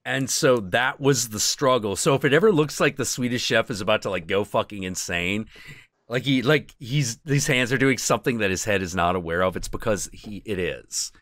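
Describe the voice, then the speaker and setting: A man's voice: fairly low pitch, moderate pace, dry recording, clean studio sound. A man hosting a live stream, chatting casually and candidly, swearing freely as he tells stories. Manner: candid, swearing, animated storyteller. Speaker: stream host.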